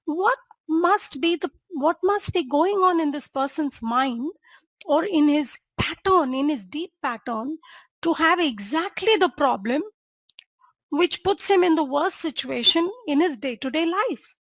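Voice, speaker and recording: Lady doctor lecturing on a patient case, high voice, dry close sound, keeps asking the audience stuff. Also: animated, unhurried, no echo. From India. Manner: engaging, checks in with listeners and asks rhetorical questions. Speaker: homeopathy doctor and teacher. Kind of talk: lecture presenting a clinical case.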